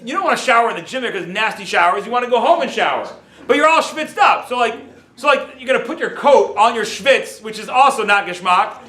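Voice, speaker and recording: A man, a rabbi, teaching a lively class and telling stories, dropping in Yiddish and Hebrew words. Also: very high voice, fairly quick. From United States. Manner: animated storyteller, sprinkles Yiddish and Hebrew words, self-amused. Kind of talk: lively Torah class lecture. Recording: roomy echo.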